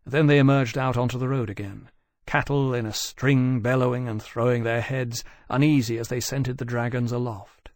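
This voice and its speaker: A man reading a novel aloud as an audiobook narrator, in a measured, even storytelling manner on a close studio mic. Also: medium pitch, no echo. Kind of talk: scripted narration.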